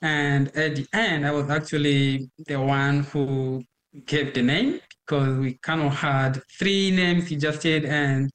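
An earnest man, a doctoral researcher, speaks in a slightly raised voice in a news interview clip. His comes haltingly as he works through his thoughts. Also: fairly high pitch, steady tone, fairly bright tone. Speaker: PhD student researcher.

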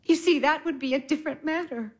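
A gentle elder sister, played by an actress speaks in a high, soft and soothing voice. She drops into near-whispers as she comforts. Staged drama delivery. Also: fairly quick, close to an everyday voice. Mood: tender.

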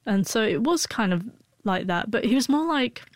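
A woman's voice: a little high, lively intonation, moderate pace, no room sound. Woman in her forties who stutters. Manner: stutters, with frequent broken-off sounds and restarts. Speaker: interview guest. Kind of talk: emotional personal storytelling.

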